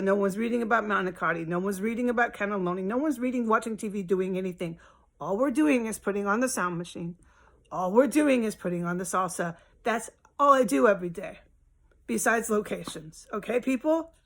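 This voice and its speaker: A woman's voice: medium pitch, a little fast, creaky, fairly bright tone. Exasperated woman ranting at home. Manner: rambling, exasperated, profane. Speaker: vlogger. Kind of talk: casual venting monologue.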